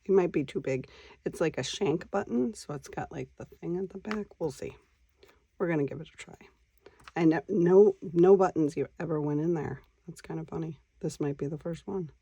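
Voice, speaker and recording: Soft-spoken woman muttering while crafting. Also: sits low, moderate pace, husky, dry recording. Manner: quiet, mutters to herself while working. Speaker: crafting channel host. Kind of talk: casual crafting vlog.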